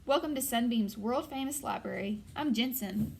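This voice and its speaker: A bubbly teenage girl who works at a library chats in a friendly, quick-to-smile way, as a woman reading a storybook voices her. Her voice sits fairly high, with a faint hiss of noise behind it. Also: creaky, darkish tone. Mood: upbeat. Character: cheerful, chatty teenage girl library worker.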